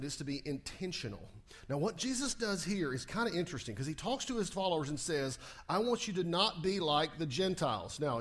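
A male pastor preaching a Sunday sermon, acting out quotes and asking his congregation questions. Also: on the high side.

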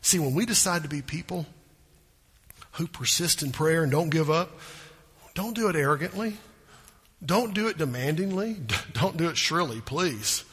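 A man preaching a sermon as pastor, animated, acting out the people in the story. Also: fairly high pitch, slightly rough, long reverb tail.

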